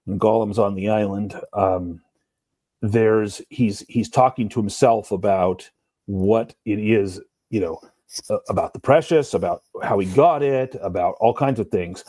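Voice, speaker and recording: A man co-hosting a podcast, talking through a book in a thoughtful, measured way. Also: lowish voice, mellow, dry recording. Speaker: podcast co-host. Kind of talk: casual book discussion.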